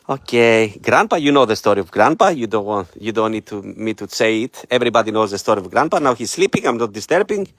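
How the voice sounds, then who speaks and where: A man's voice: lowish voice, big pitch swings, fast, few pauses, no echo. A middle-aged man with a Greek accent, running an animal shelter, who talks to the camera in simple, slightly broken English and coaxes his dogs by name. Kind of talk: casual vlog talking to camera and dogs.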